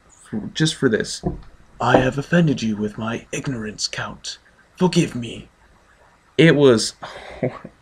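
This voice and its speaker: Casting: chatty, offhand male vlogger reviewing a film, lowish gravelly voice. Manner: chatty, offhand, many ums and laughs. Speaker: movie reviewer. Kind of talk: casual movie review.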